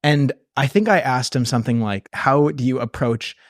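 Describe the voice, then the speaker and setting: A man's voice: medium pitch, normal speed, no echo, clean studio sound. A man hosting a podcast, asking guests questions in an easygoing, casual way. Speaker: podcast host. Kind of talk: casual interview.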